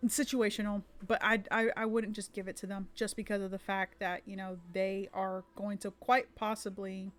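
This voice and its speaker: A woman's voice: mid-range voice, level tone, moderate pace, hardly any pauses. A woman who runs tabletop games, chatting casually on a live stream, rambling with many fillers and restarts. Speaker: streamer and dungeon master.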